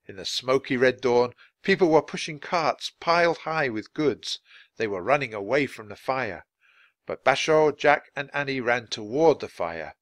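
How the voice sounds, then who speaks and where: A man's voice: medium pitch, fairly bright tone, no room sound. A man reading a children's chapter book aloud at natural speed for language learners, with dramatic expression. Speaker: narrator.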